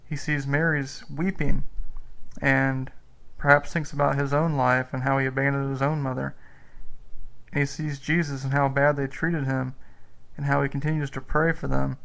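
Flat, gravelly-voiced man leading a meditation. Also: medium pitch, low-quality recording. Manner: slow, earnest and reflective. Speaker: preacher leading a rosary meditation. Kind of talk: spoken meditation on the rosary mysteries.

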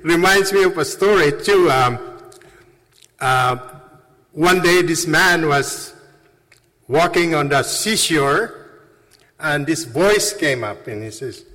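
A man telling casual stories and jokes into a handheld microphone, rambling and halting, laughing at his own anecdotes. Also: fairly high pitch, bright, forceful tone. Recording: long reverb of a large hall.

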